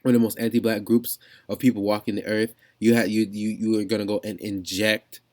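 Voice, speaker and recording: A man's voice: fairly low pitch, flat delivery, a little fast, darkish tone, dry recording. Man ranting in a reaction vlog. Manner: ranting, incredulous, reads article aloud; rambling with many restarts. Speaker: commentary vlogger. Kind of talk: casual reaction commentary.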